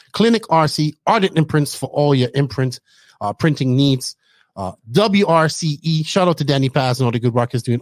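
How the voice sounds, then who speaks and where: A man's voice: fairly high pitch, dry recording. A man hosting a podcast, chatting casually and teasing his co-host. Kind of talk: casual chat.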